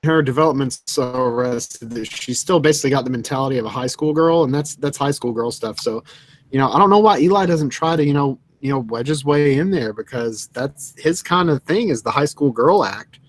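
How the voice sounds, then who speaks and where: A man's voice: medium pitch, a little fast. A man co-hosting a casual livestream, crude and mocking, often talking over his co-host.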